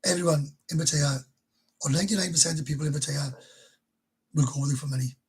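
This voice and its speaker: A man's voice: fairly high pitch, quick pace, a little mellow, husky, rough recording. A middle-aged man hosting a casual livestream, talking bluntly and chattily and swearing now and then. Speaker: livestream host.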